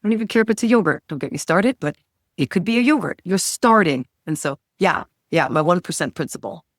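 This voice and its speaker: A middle-aged woman with a lower voice chats as a guest health coach on a podcast. Her talk is enthusiastic and leaps in pitch and volume. The recording is dry with no room echo. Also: lively intonation, a little fast. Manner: enthusiastic, big swings in pitch and loudness. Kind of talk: casual podcast interview.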